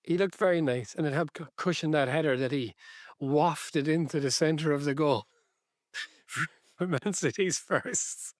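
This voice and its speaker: A man's voice: on the high side, measured pace, no echo, studio quality. An Irish man co-hosting a football podcast, chatting in a wry, hesitant way. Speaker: podcast co-host. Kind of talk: casual chat.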